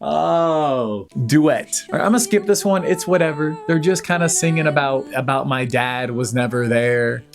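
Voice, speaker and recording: A young man giving a sarcastic, jokey recap of an animated movie as a reviewer, now and then mimicking the characters. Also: on the high side, normal speed, hardly any pauses, over music.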